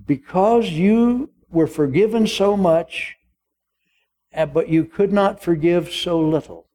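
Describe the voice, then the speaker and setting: A man's voice: sits high, slow, dark tone. An older male pastor preaching a sermon, acting out the dialogue of a parable with humor.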